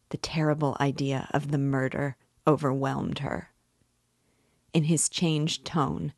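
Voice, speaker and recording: A woman reading a classic novel aloud in a measured, steady narration. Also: low voice, gravelly, dry recording, clean studio sound. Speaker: book reader and guide.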